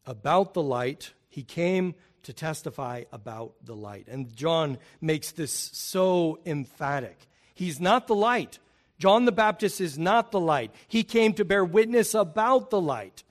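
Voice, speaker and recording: High-voiced man preaching emphatically. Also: expressive, measured pace. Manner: emphatic, rising in pitch and volume on key points. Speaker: pastor. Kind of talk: sermon.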